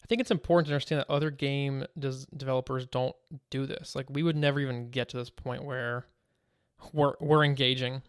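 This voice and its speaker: A man's voice: mid-range voice, fairly even intonation, brisk, clean tone, no echo, studio quality. A man co-hosting a casual gaming podcast, telling stories animatedly and laughing as he goes. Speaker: podcast co-host. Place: home.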